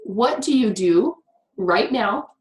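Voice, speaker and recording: A woman's voice: medium pitch, expressive. Upbeat, chatty female workshop teacher in an echoey room, light background noise. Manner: upbeat, chatty, quick with many "like" fillers. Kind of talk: guiding a class through writing prompts.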